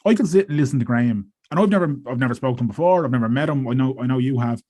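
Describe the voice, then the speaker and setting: Fast-talking podcast co-host. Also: male voice, mid-range voice, darkish tone. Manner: chatty and frank. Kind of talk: casual podcast conversation.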